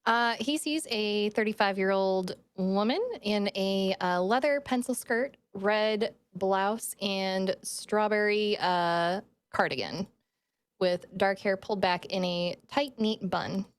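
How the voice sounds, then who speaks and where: A woman's voice: medium pitch, takes it slowly, clear, resonant tone, dry recording. A woman playing in a tabletop role-play, talking in a breezy, casual, chatty way. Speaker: player.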